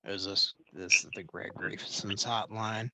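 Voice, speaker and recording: A man's voice: lowish voice, fairly even intonation, a little slow, bright, forceful tone, no room sound. A man making a prank phone call, hesitant and mock-confused. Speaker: prank caller, co-host.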